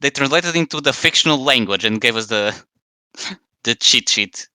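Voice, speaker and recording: A man chatting casually with friends during a tabletop game, making quick, matter-of-fact remarks. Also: mid-range voice, expressive, sharp tone, smooth, no room sound.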